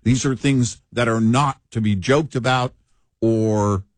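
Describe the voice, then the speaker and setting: A man's voice: medium pitch, fairly even intonation, takes it slowly. A man co-hosting a talk show, arguing with force and stacking one point on the next. His voice is in a middle register. It is recorded dry and close, with no room echo. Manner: forceful, builds points in lists. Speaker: co-host of political talk show. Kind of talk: conversational political commentary.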